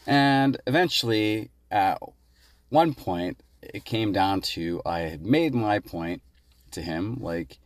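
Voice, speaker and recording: A man from Canada calling in to tell a casual, animated story about his workplace. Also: deep voice, a little slow, no echo. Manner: animated, laughs while telling. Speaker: caller leaving a voice message.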